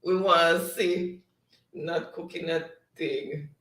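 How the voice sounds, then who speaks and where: Laughing Jamaican host reading chat aloud. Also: male voice, a little high, steady tone, takes it slowly, pushed and bright, far from the mic. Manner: reads comments aloud, laughs often. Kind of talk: casual livestream chat. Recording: echoey room, off-mic.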